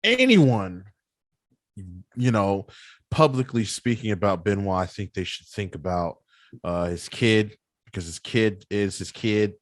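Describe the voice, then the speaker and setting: A man co-hosting a wrestling podcast, talking slowly in casual chat with many pauses and fillers. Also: on the low side, expressive, no room sound, clean studio sound. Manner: slow, halting, with many fillers. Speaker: podcast co-host.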